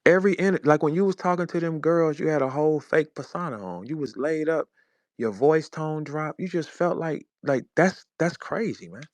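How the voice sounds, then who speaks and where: A man's voice: fairly high pitch, moderate pace, dry recording. A man in his forties from St. Louis delivering a heated, profane, mocking rant as host of his own show. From St. Louis, USA. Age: 40s. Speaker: battle rap personality, host. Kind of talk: heated monologue.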